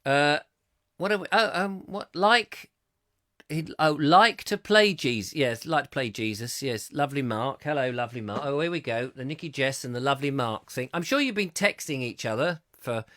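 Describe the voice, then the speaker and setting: A man hosting a live chat show, reading out viewer comments with jokey, mock-indignant asides, his throat going a little hoarse. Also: medium pitch, expressive, moderate pace, pushed and bright, no room sound, clean studio sound. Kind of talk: casual ranty live-stream chat.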